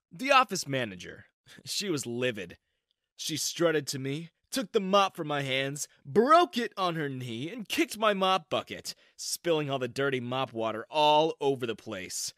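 A man narrating a scripted story in a lively, animated way. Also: medium pitch, measured pace, no echo, clean studio sound.

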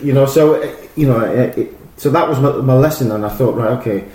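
A man's voice: mid-range voice, fast talker. Middle-aged man, former footballer, rambling casual storytelling, roomy echo, faint hiss. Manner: rambling, animated, lots of fillers and restarts. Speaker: former professional footballer, guest.

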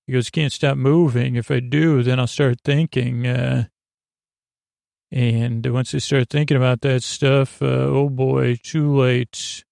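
Male podcast host, rambling sleepy recap, raspy fry in the voice, dead-dry booth sound. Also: medium pitch, a little mellow, no room sound. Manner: rambling, loose retelling with many fillers. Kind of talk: lulling bedtime recap of a TV episode.

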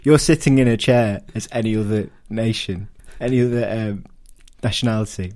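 A man co-hosting a podcast, throwing in teasing jokes and quick asides. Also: fairly low pitch, dark tone. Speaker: podcast co-host. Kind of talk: casual banter.

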